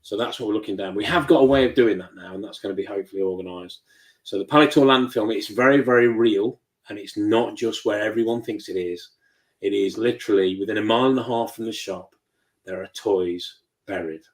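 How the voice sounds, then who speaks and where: A man's voice: on the low side, fairly quick, poor audio. A man, a toy shop owner, chatting as an interview guest and acting out quoted dialogue as he tells stories. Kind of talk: casual interview chat.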